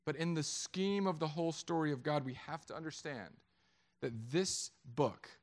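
A middle-aged man preaching a sermon, joking with the congregation in an animated way. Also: on the high side, moderate pace. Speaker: pastor.

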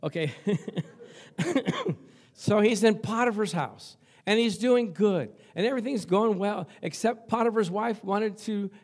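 A man's voice: high-pitched, slow, breathy edge. An older man preaching a sermon as pastor, telling stories in a conversational, humorous way to his congregation. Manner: lively storytelling to a congregation.

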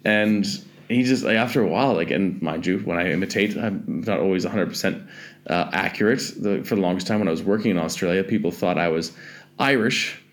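A man's voice: low-pitched, a little fast. A Canadian man telling travel stories in a casual chat, rambling, correcting himself, and swearing freely.

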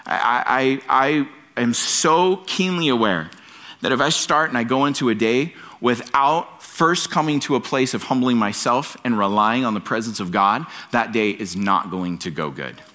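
A man preaching a sermon at a church service in an earnest, emphatic way, driving his key phrases home by repeating them. His voice is bright and forward. His pitch rises and falls widely as he preaches. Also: lively intonation, normal speed. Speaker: pastor.

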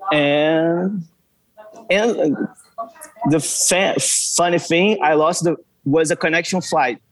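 A man's voice: a little high, no echo, low-quality recording. Shy Brazilian man, laughing often. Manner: shy, laughing, broken English. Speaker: guest. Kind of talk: casual interview answers.

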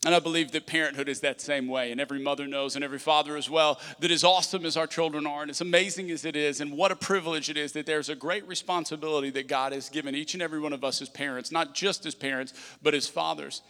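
A man preaching a sermon as pastor, energetic and conversational with humorous asides. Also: on the high side, quick pace, hardly any pauses. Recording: long reverb of a large hall.

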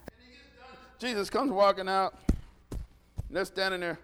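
A middle-aged man preaching a sermon, animated, swinging from quiet asides to shouts and acting out dialogue. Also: high voice, normal speed, long pauses, slight background noise. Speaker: pastor.

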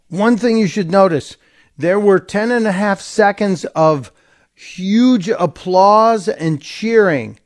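A male talk radio host speaking from a studio with a fairly high voice for a man. He delivers sarcastic, opinionated commentary in a loose, conversational way.

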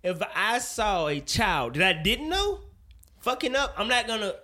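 A man co-hosting a casual chat show, talking in an animated, profane way and pressing his point with rising emphasis. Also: sits high, moderate pace. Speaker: podcast co-host.

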